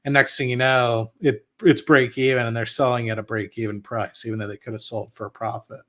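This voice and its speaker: A man's voice: mid-range voice, steady tone, fairly quick, a bit bright. A man hosting an investing stream, talking casually and bluntly, with swearing and restarts, and answering viewer chat. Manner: rambling and blunt, with frequent profanity and restarts. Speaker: investing channel host. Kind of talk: casual livestream talk reading viewer chat.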